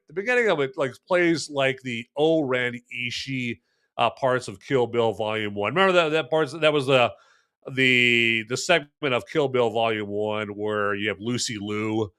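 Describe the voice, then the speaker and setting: A man hosts a live movie review podcast, rambling and joking as he answers the live chat. His medium-pitched voice is sharp and clean.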